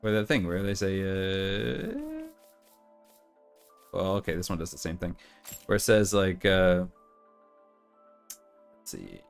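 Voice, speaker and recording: A man's voice: low-pitched, expressive, takes it slowly, gravelly, long pauses, smooth, faint music behind. A middle-aged man hosting a gaming channel, chatting casually and rambling through stories with quoted voices while he plays. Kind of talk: casual chat while playing.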